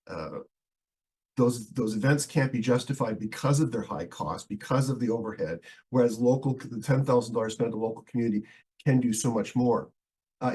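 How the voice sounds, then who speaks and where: A man with a bad head cold argues his point before a town council, his voice husky and worn thin. He stumbles and restarts often, filling gaps with hesitations as he pushes through the speech. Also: medium pitch, a little mellow, rough recording. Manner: halting, many fillers and restarts. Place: council meeting.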